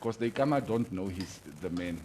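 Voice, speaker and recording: Namibian guy teasing his cohosts on radio, bouncy pitch, slight hiss. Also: animated, normal speed. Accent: Namibian English. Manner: teasing, jokey, mixes in Afrikaans. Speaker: radio show co-host. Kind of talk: casual radio banter.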